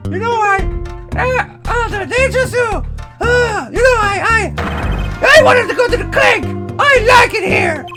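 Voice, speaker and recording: A let's player voicing a cocky young male inmate in a very high, shouted anime-style voice, talking gangster slang, over game music. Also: expressive, a little slow. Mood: brash. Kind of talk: let's play voice acting. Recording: game music playing behind.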